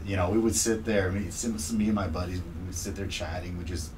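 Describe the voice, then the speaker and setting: A young man chatting as a guest in a casual interview, telling stories in an animated, laughing way. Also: low-pitched, fairly quick, slight background noise. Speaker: podcaster guest.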